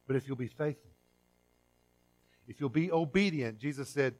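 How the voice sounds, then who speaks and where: Preaching in a mid-range voice, a middle-aged pastor keeps his sermon conversational, restarting and repeating words. Some lines come out loud and emphatic, others quiet and stretched out.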